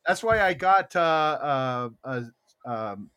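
Bright lively guy running a morning call-in show, rambly and teasing, lots of uhs. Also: mid-range voice, slow, clear, resonant tone. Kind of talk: casual call-in radio chat.

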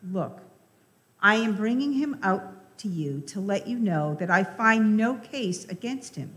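A woman voicing a stern male Roman governor in a slow, measured scripture reading. The words carry through the long reverb of a church hall. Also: medium pitch, animated, fairly bright tone. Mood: questioning.

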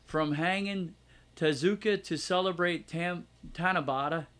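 A middle-aged American man co-hosting a casual podcast, his voice high and bright with a gravelly edge. He chats loosely, pokes fun at himself and reads news items aloud between asides. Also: moderate pace. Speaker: podcast co-host.

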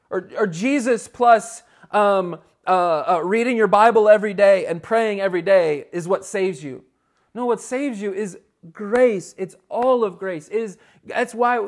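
A man preaching a sermon in a conversational, animated way, with quick asides and restarts, a father of young boys. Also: sits high. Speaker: pastor.

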